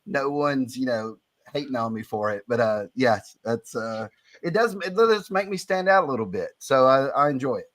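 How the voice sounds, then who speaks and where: A man's voice: medium pitch, lively intonation, normal speed, a bit bright, no echo. A man with a Southern Alabama accent, chatting frankly and easily on a podcast as a comic creator. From Alabama, USA. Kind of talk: casual podcast chat.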